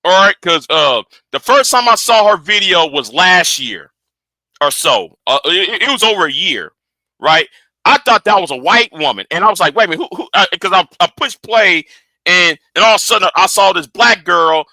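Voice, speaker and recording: A man hosting a livestream, reacting to a clip with animated, argumentative commentary aimed straight at his audience. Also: high voice, moderate pace, no room sound. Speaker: livestream host.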